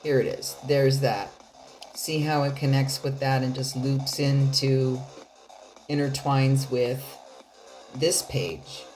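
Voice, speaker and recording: A woman's voice: extremely low pitch, fairly even intonation, slow, darkish tone, soft background music. A woman giving a casual tarot reading straight to her viewers, chatty and loose, swearing now and then and laughing often. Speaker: tarot card reader.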